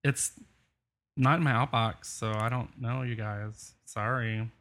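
A man's voice: mid-range voice, steady tone, a little slow, a bit bright. A man co-hosting a live show in casual banter, fumbling and exasperated while sorting out tasks. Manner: flustered, fumbling, exasperated asides.

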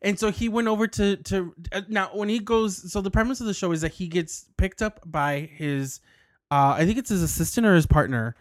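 Talking a little fast in a high-pitched voice, a podcast co-host casually rambles through a story, laughing and restarting repeatedly. The recording comes from an indoor studio, clean and free of room sound.

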